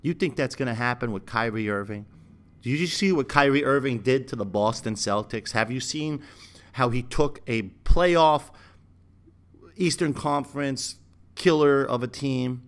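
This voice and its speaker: A man's voice: medium pitch, measured pace, a bit bright. A man, hosting his own sports channel and arguing his opinions with emphatic rhetorical questions. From Brooklyn, New York. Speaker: sports commentary channel host. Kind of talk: opinionated basketball rant.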